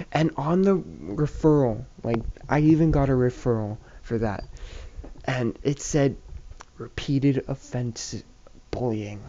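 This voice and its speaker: A man with a mellow, warm voice tells a story to the camera in a loose, rambling way. He swears freely and restarts his sentences often. The recording is a bit dull and lo-fi, like a home setup. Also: mid-range voice. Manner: rambling, profane, many restarts and fillers. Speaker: YouTube storyteller. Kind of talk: casual storytime vlog.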